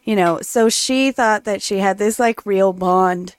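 A woman co-hosting a casual talk show, chatty and quick to laugh. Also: mid-range voice, smooth, no room sound. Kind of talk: casual chat.

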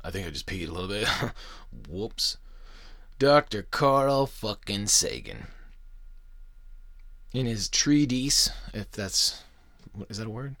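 A man's voice: fairly low pitch, expressive, slow, pauses often, fairly bright tone, no echo, studio quality. A young man hosting a podcast, delivering a crude, swear-filled conspiracy monologue with mocking jokey asides. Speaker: podcast host.

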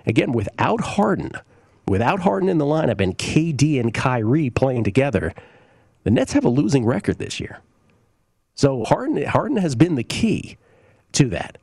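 A man's voice: medium pitch, a little mellow, no room sound. Opinionated man hosting a sports betting show. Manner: opinionated, conversational, with fillers and asides. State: coughing, briefly choked up. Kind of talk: casual sports betting talk, reading listener tweets.

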